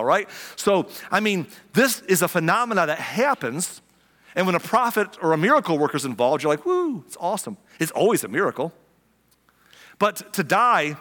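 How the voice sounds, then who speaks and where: A man preaching a sermon in a relaxed, conversational way, acting out little quoted reactions as he explains a passage. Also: high-pitched. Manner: conversational, animated, acts out quotes. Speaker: pastor. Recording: long reverb of a hall.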